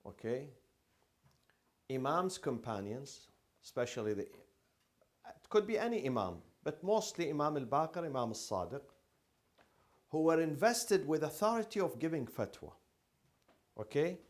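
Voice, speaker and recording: A man's voice: on the high side, big pitch swings, measured pace, long pauses. A man teaching a classroom lecture, asking the class questions and repeating key terms.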